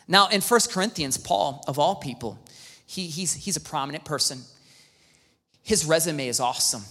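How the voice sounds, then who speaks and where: A man's voice: on the high side, sing-song, normal speed, gravelly, bright, forceful tone. A man preaching a sermon in a chatty way, acting out the quotes in shifting voices. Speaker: pastor. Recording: long reverb of a large hall.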